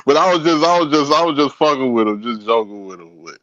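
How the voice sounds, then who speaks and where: A man's voice: mid-range voice, expressive, fast talker, a bit bright, no echo, muffled recording. A man hosting a podcast, talking in a laid-back, easygoing way with many fillers and ready laughter. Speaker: podcast host. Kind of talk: casual podcast conversation.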